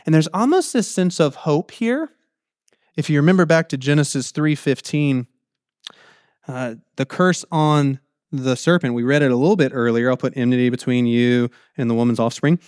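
A man preaching a sermon in an animated way, acting out the quotes in his text and laughing easily. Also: medium pitch, moderate pace, no echo, studio quality. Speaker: pastor.

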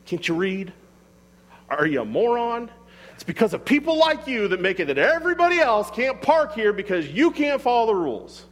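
Rude yelling guy scolding a parker, played by a male preacher; high and scornful, in a reverberant hall. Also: big pitch swings, normal speed. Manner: insulting, shouting.

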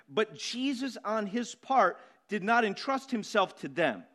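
A man with a notably high voice preaches a sermon from the pulpit. He hammers home his points by repeating words and drawing out the key phrases slowly. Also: big pitch swings, a bit bright. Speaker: pastor.

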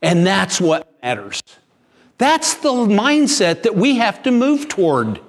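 A man's voice: high voice, huge pitch swings, slow. A pastor preaching a sermon in an earnest, emphatic way, often restarting his sentences.

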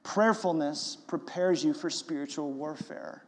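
A man's voice: fairly high pitch, a little slow, long reverb tail. A man preaching a sermon as pastor, emphatic and conversational.

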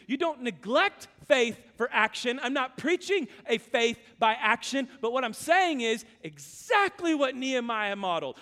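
A man from Louisiana preaching a sermon, telling stories and swinging between loud urgent calls and hushed, low passages. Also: lively intonation, moderate pace, hardly any pauses. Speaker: pastor. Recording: long hall reverb.

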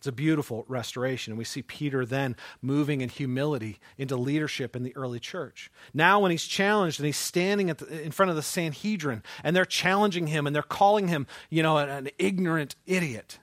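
A male pastor preaching a sermon, telling a story with animated swings from loud, fast passages to hushed, slow ones. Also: a little high, no room sound.

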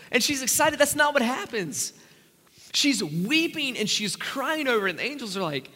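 A man with a high, bright voice delivers an earnest, conversational sermon to his congregation. He slips into quick voices for the people in the story he tells. His words ring out with a long reverb through the church sanctuary. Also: expressive. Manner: earnest, conversational preaching with acted-out quotes. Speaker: pastor.

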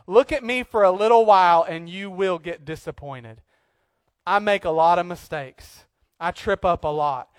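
A pastor preaching a sermon from a church pulpit in a joking, conversational way, swinging from quiet asides to loud, emphatic outbursts. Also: male voice, high voice, dry recording, clean studio sound.

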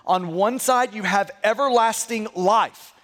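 High-voiced earnest male pastor preaching. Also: measured pace, a bit bright, big-room sound. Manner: earnest, repeats words when stressing a point. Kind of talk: sermon.

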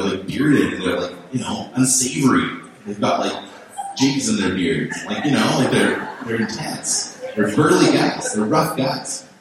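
A man preaching a conversational sermon, chatty and storytelling, with frequent "right?" and "like". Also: medium pitch. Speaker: pastor. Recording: echoey hall from far off.

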